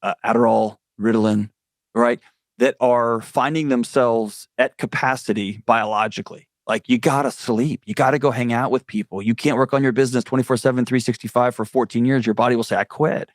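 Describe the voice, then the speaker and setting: A man's voice: mid-range voice, steady tone, fairly quick, dry recording. A man speaking as a guest mental health expert, telling stories in an earnest, candid way. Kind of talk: conversational interview.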